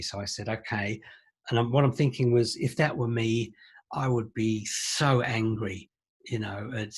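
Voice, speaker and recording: A middle-aged man, a psychologist, telling a client's story in a relaxed webinar talk and acting out both sides of the conversation. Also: lowish voice, breathy edge. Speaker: psychologist and trainer.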